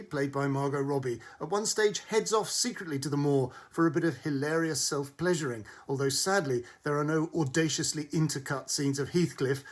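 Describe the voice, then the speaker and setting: Husky-voiced man giving a wry film review. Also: on the high side. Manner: wry, arch, witty delivery. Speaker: film critic.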